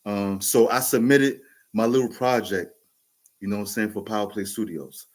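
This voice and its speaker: A man's voice: lowish voice, steady tone, moderate pace, darkish tone. A man in his forties with a New York accent, telling a casual, rambling story with frequent restarts and fillers. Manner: rambling, laughs often, many restarts and fillers. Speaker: podcast host telling a story.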